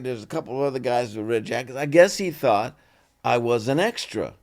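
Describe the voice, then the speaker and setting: Older male actor, animated interview storyteller. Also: mid-range voice, a little fast. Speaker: actor guest.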